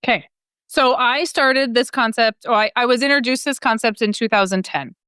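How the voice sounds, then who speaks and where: A woman from the American Midwest talking in an animated, loud and emphatic way, as podcast host and interview guest. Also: a little high, a little fast, smooth, dry recording, studio quality.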